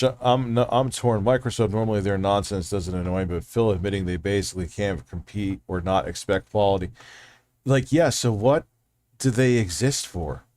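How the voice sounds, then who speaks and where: Low-voiced man rambling on a livestream. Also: no echo. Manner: rambling, profane, reading chat aloud. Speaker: livestream host. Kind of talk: casual livestream chat.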